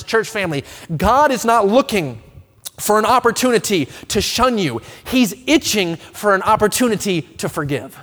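A man in his thirties preaching a sermon to his congregation, swinging from quiet earnest talk to loud impassioned appeals, often stumbling and restarting his words. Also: high voice, big pitch swings, normal speed. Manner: stammering restarts. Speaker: pastor. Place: church sanctuary with a congregation. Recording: long reverb of a church hall.

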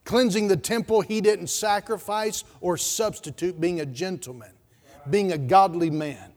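High-voiced male pastor preaching in a reverberant church. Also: a little slow, darkish tone. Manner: emphatic preaching with repeated words and rhetorical questions. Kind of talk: sermon.

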